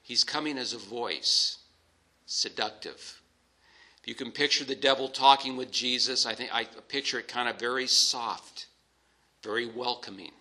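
A man preaching a sermon, teaching scripture in a measured, emphatic way with pauses. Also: medium pitch, pushed and bright, poor audio.

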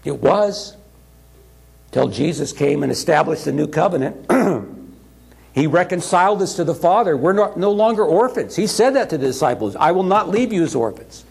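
A man's voice: fairly high pitch, expressive, normal speed, creaky, a little mellow, slightly rough. A man preaching a sermon in a conversational way, acting out the quoted voices as he goes. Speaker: pastor.

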